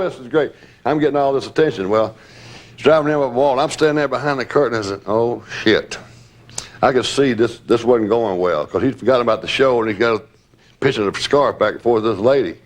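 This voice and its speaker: An older man, a former bodyguard, reminiscing candidly and acting out quotes as he tells stories, with occasional laughs. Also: mid-range voice. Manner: storytelling, acts out quotes, laughs.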